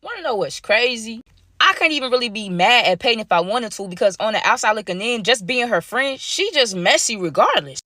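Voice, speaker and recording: A woman's voice: fairly high pitch, animated, a little fast, bright, forceful tone, no room sound, studio quality. A young woman telling a story to camera in a slangy, gossipy way, talking straight to her viewers on a phone at arm's length. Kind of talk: casual story time to camera.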